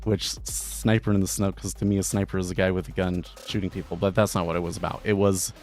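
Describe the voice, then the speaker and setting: Low-voiced man rambling on a stream. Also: flat delivery, fast, darkish tone, soft background music. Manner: rambling, many restarts and fillers. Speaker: day trading streamer. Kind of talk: casual live-stream monologue.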